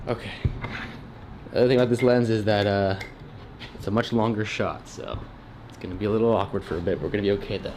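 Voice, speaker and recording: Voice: deep voice, steady tone, fast talker, long pauses, noisy background. A livestreamer chatting playfully to viewers while walking through an outdoor rally. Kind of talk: walking livestream talk to chat.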